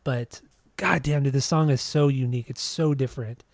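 A man's voice: medium pitch, steady tone, normal speed, no echo. A man co-hosting a podcast, rambling and swearing in casual chat about music. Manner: rambling, profane, with frequent restarts. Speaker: podcast co-host.

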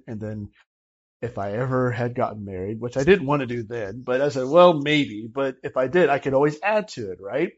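Animated man telling a story. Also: medium pitch, dull audio. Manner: animated, acts out dialogue from the story. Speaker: interview guest telling his story. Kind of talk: casual personal storytelling.

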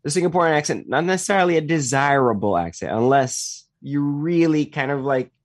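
A man co-hosting a radio show, chatty and explaining his points with quick stammered restarts. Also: on the high side, animated, dry recording. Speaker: radio co-host. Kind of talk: casual chat.

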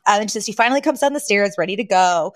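A woman's voice: medium pitch, fast talker, no room sound. Chatty laughing woman podcast host. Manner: animated, laughs often, acts out quotes. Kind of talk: casual episode recap chat.

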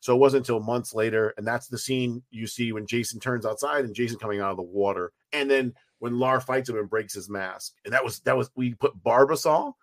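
A man of middle pitch tells behind-the-scenes stories in a loose, rambling flow, swearing freely and restarting his sentences. The sound is dry and close, with no room echo. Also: a little fast, hardly any pauses. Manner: rambling, profane, animated storytelling with restarts. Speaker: writer and producer of a fan film, guest. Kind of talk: casual podcast interview.

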